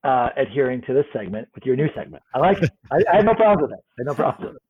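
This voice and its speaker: A man co-hosting a podcast in casual chat, animated, laughing and swearing often. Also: mid-range voice, rapid-fire, breathy edge. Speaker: podcast co-host. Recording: tinny phone-like line.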